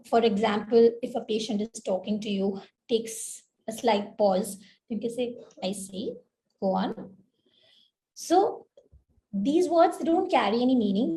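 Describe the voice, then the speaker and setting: A woman tutor with a high yet mellow voice teaches at an even, explanatory pace. She walks through each point patiently and now and then restarts a word to correct herself. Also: low-quality recording. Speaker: speaking-skills tutor. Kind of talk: instructional explanation.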